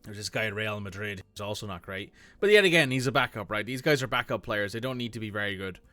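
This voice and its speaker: A man's voice: lowish voice, animated, quick pace, bright, forceful tone, dry recording, soft background music. A man casually commenting as he plays a football management game, thinking aloud and reacting to the match. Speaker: gaming streamer. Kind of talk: casual let's-play commentary.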